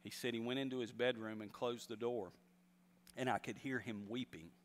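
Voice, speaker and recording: A man's voice: medium pitch, fairly even intonation, normal speed. Man preaching in a reverberant hall. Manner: storytelling, rising to emphatic exhortation. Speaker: pastor. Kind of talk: sermon.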